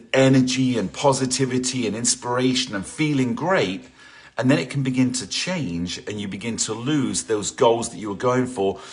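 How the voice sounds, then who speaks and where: A man's voice: medium pitch, a bit bright, breathy edge. A middle-aged man from England hosting a live home workout session, chatting casually, greeting viewers by name and joking. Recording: faint music in the background.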